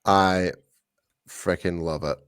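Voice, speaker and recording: A man's voice: low-pitched, steady tone, slow, a bit bright, clean tone, dry recording, clean studio sound. A man from the UK co-hosting a casual sports podcast, rambling with lots of restarts and fillers. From United Kingdom. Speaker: podcast co-host.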